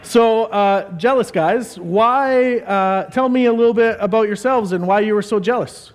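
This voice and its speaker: Brief: a jokey male pastor with a high voice, rambling casual sermon. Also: unhurried, clean tone. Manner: jokey and rambling, many fillers.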